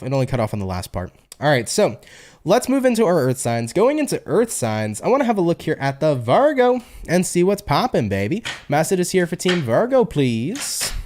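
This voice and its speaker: A man giving a chatty live-stream tarot reading, reading out viewer comments as he goes. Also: medium pitch. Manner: animated, chatty, reads audience comments aloud. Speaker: tarot reader.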